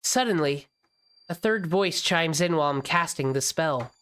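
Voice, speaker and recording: A woman reading a visual novel aloud in the first person, expressive and dramatic, with jokey asides. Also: deep voice, moderate pace, soft background music.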